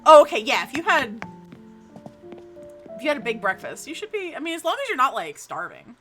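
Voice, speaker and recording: A woman's voice: sits high, sing-song, fairly quick, a bit bright, soft background music. A woman from New Jersey streaming live in a casual chat, cursing often and restarting her sentences. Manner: frustrated, swears freely, lots of restarts.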